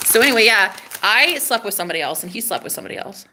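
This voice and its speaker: A woman telling a story to camera in a casual vlog, chatty and dramatic, with frequent swearing, her voice dropping to a hush and then rising loud. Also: on the high side, fast talker, few pauses, slight background noise. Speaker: vlogger.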